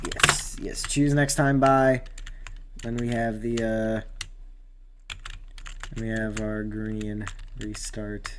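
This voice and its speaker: A man's voice: fairly low pitch, level tone, very slow, pauses often, background noise. A man casually commenting while racing in a video game, rambling with fillers and bursting out at near-crashes. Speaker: gamer doing race commentary.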